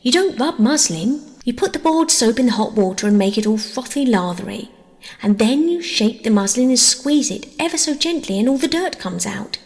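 A woman voicing a thoughtful, grown-up-minded older girl in a storybook reading, earnest in manner, with a gravelly tone and long reverb. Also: on the high side, expressive, normal speed, a little mellow, voice pushed up.

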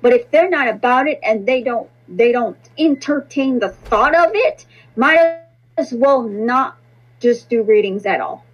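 A woman's voice: fairly high pitch, expressive, measured pace, breathy edge, highs cut off. A woman reader and podcast host speaking in a blunt, repetitive, profane monologue. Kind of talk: casual spoken monologue.

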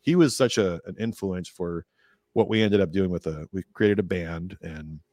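In a casual storytelling interview, a Californian man with a low, deep voice spins rambling, animated tales as a podcast guest, raising his pitch to imitate what others said. His pace is moderate, and the audio is dry, close-miked, and free of room sound.

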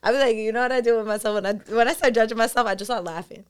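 A woman's voice: fairly high pitch, fairly even intonation, rapid-fire, clear, resonant tone. A woman co-hosting a podcast, talking candidly in casual chat, swearing freely and laughing often. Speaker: podcast co-host.

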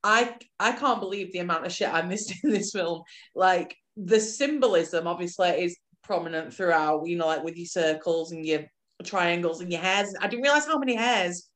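A woman's voice: lowish voice, moderate pace, a bit bright. A woman co-hosting a podcast, chatting bluntly about a film and swearing casually. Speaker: podcast co-host.

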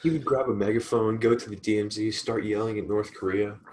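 A young man chatting casually, relaxed and rambling, with hesitant restarts. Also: on the low side, brisk, rough recording. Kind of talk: casual chat.

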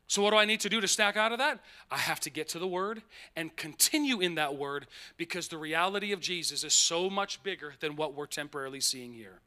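A man preaching a sermon as pastor, animated and emphatic, slowing down on key phrases and tossing in playful asides. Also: fairly high pitch.

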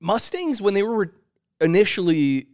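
A man's voice: sits high, big pitch swings, unhurried, darkish tone, no room sound, studio quality. A man co-hosting a casual car podcast who jokes around, agrees easily, and reads news stories aloud. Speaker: podcast co-host. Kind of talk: casual car talk chat.

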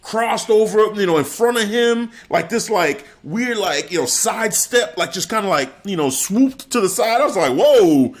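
A man's voice: sits high, moderate pace, few pauses. A man in casual chat, recapping a wrestling show with laughs and acted-out quotes. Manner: animated, laughing, acting out quotes. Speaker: wrestling podcast co-host.

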